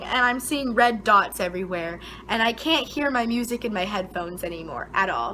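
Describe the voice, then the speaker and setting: A young woman vlogger spins a dramatic story in a casual, filler-heavy way. Her voice sits fairly high and bright, and it shoots up whenever she quotes herself. A faint hiss runs underneath. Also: low-quality recording. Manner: animated, dramatic retelling with frequent "like" fillers; voice jumps high and loud when quoting herself.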